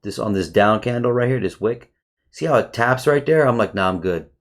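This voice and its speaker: A man giving a casual, excitable chart review for viewers, swearing often and calling them bro. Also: medium pitch, fairly quick. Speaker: trading educator.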